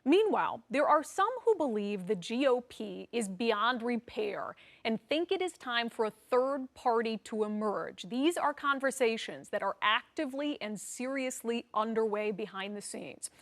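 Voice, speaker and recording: A woman hosting a political news program, presenting in a brisk, conversational way with wry asides. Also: a little high, lively intonation. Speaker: news show host.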